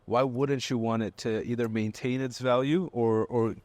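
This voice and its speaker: A man's voice: mid-range voice, steady tone, normal speed, darkish tone, dry recording. Podcast guest, male, casual explainer with a middle voice, dry close mic. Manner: explains step by step, frequent "right?" check-ins; laughs easily, jokey with host. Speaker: podcast guest, car expert.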